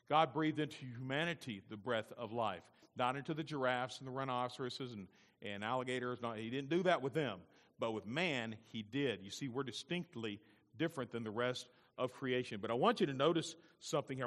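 A middle-aged man preaching a sermon as pastor, swelling to loud emphatic peaks and slowing down on key words. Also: medium pitch, big-room sound.

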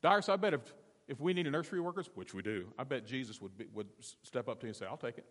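A man's voice: mid-range voice, lively intonation, fast. Man preaching in a church hall. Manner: preaching with call-and-response questions, swinging from quiet to loud. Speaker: pastor. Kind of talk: sermon. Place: church sanctuary.

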